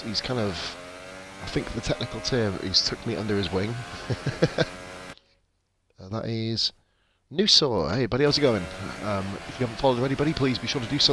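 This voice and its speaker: A man's voice: medium pitch, noisy background. A man streaming a racing game, chatting with viewers in profane, jokey banter. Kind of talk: casual live-stream commentary.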